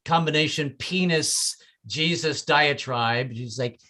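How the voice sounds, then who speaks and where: A man doing an open mic stand-up set, stammering and repeating words, often breaking into loud voices for his relatives. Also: fairly high pitch, brisk. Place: small comedy club with audience.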